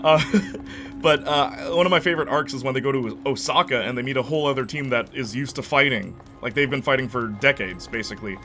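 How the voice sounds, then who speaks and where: A man's voice: mid-range voice, a little fast, sharp tone, faint music behind. A man giving casual let's-play commentary, rambling and enthusiastic with many fillers. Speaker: gameplay commentator.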